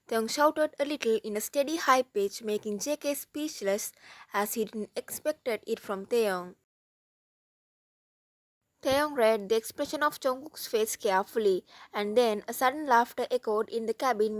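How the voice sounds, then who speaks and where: A woman reading a fan fiction romance story aloud in a steady, plain narrating manner. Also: fairly high pitch, normal speed, dry recording.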